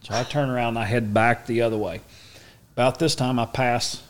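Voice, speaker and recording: A man's voice: mid-range voice, steady tone, fairly quick. A middle-aged man with a Southern Oklahoma accent, an interview guest telling a story in a folksy, self-mocking way. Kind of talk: casual storytelling.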